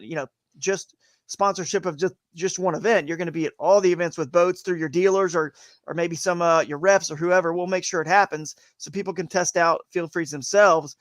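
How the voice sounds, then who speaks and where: A talkative man with a fairly high voice co-hosts a live stream, rambling through his points with quick restarts. His voice is recorded close and dry. He keeps an easy, casual chat going. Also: no room sound. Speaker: co-host of a kayak fishing live show.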